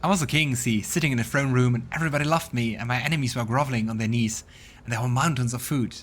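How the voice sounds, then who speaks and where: A man's voice: mid-range voice, fast talker, natural voice. A man voicing a pompous, greedy male mercenary who dreams of being king, bossy and boastful.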